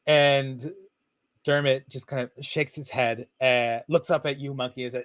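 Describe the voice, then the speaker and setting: A man narrates a tabletop game as its game master in a relaxed, rambling way, full of fillers. His voice sits in the middle range, and the sound is dry and close, as on a video call. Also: medium pitch, a little slow, dry recording. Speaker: dungeon master.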